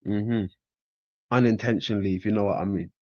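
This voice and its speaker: A man hosting a reaction show, talking casually in an animated, exclamatory way. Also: fairly quick, no echo. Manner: animated, exclamatory, swings into high incredulous cries. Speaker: host reacting to a clip. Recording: dull lo-fi dry sound.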